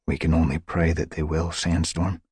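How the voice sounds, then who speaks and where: A man's voice: rumbling low, little pitch movement, normal speed, a little mellow, breathy edge, no room sound, clean studio sound, full character voice. A man voicing a burdened male cat clan leader who speaks firmly with a growl in a storybook reading. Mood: stern. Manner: growling, firm.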